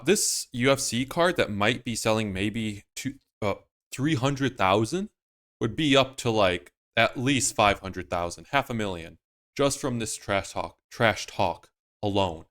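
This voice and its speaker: A man hosts his own commentary video, with a rambling, emphatic, opinionated delivery. His voice sits at an everyday middle pitch. He hammers his points home and circles back to them. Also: a bit bright. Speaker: MMA YouTuber host. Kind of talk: casual commentary.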